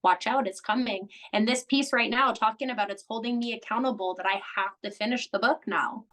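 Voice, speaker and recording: A woman's voice: fairly high pitch, brisk, a bit bright, rough recording. A woman guest on a podcast, talking in a heartfelt, earnest way in long run-on sentences. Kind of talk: candid unscripted chat.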